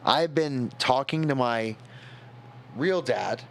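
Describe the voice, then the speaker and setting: A tipsy young man tells a personal story on a stream, in a rambling, halting way with many restarts. His voice sits in a middle pitch, and he gets emotional as he talks. A faint noise hums behind him. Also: vocal fry.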